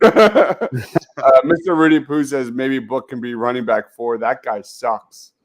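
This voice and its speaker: A man's voice: mid-range voice, normal speed. A man hosting a casual sports talk show, reading out viewer comments and laughing easily. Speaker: podcast host.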